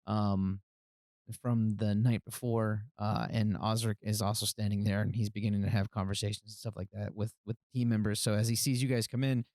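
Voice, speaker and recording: A man narrating a tabletop game as game master, relaxed and hesitant, with many fillers. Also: on the low side, fairly quick, no echo, clean studio sound.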